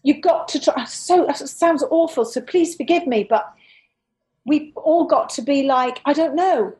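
A woman's voice: unhurried, rough recording. A woman hosting a casual chat who talks with animation and acts out other people's words in a raised voice. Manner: animated, acts out quotes in a higher voice.

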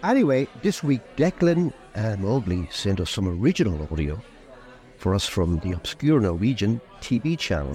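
A man's voice: lowish voice, sing-song, moderate pace, darkish tone, some chatter behind. Dry-quipping podcast co-host man. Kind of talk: casual chat.

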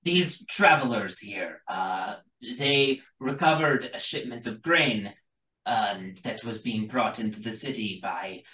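A man's voice: lowish voice, animated, slow pace, pushed and bright, heavily acted. A man doing a nervous, dutiful soldier. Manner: hesitant, formal. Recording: roomy, from a distant mic.

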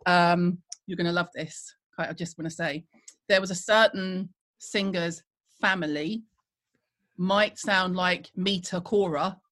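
A middle-aged British woman telling a backstage story in casual chat, acting out what people said with lively, gossipy delivery. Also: on the low side, unhurried. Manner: animated gossipy storytelling with acted-out quotes. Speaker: guest storyteller.

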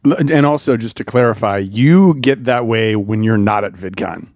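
A man's voice: on the low side, moderate pace, darkish tone, no echo, studio quality. A man co-hosting a family podcast, talking casually with wry, mock-offended banter. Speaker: podcast co-host. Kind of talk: casual chat.

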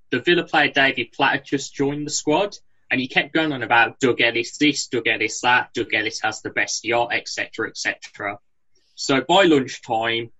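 A man's voice: mid-range voice, bright, forceful tone, lo-fi sound. A man in casual podcast chat, telling an anecdote in an amused way. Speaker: podcast panelist.

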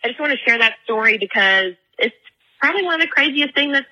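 A young woman leaving a casual voicemail, retelling a story in a chatty, animated way with many fillers. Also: high-pitched, quick pace, rough recording. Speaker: voicemail caller.

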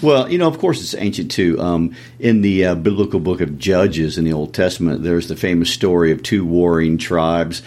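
A man's voice: sits low, moderate pace, hardly any pauses, a little mellow. A man, co-hosting a literary discussion and telling stories in an easygoing way. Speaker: podcast co-host.

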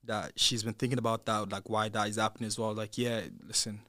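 This former reality show contestant, a young British man, talks fast as he retells drama as a podcast guest. His lowish voice comes through in studio quality with no room sound. It's a casual storytelling chat where he acts out the quoted lines, getting louder when heated.

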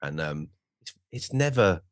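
A man with a very deep voice talks candidly, stumbling over restarts and fillers, swearing now and then. The sound is close and dry, with no room echo. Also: sing-song, a little slow. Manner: hesitant, many restarts and fillers, swears freely. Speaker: podcast guest, author. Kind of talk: casual chat.

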